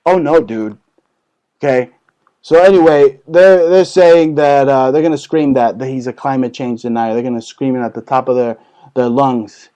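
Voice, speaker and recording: A man's voice: medium pitch, normal speed, warm tone. A male show host delivering a combative, profane satirical rant, peppering it with tag questions. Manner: profane, combative rant with constant "okay?" tags. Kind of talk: satirical ranting chat.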